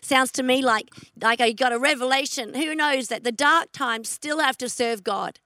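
A middle-aged woman preaching a sermon, earnest, repeating her key questions and slowing down to stress scripture. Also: high-pitched, bright, forceful tone, no room sound.

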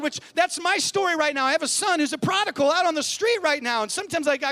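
A man with a strikingly high voice preaches a sermon in a church. He is emphatic, driving his points home in a preaching cadence and calling out to the congregation, with quiet music playing behind him. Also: expressive, quick pace, few pauses. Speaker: pastor.

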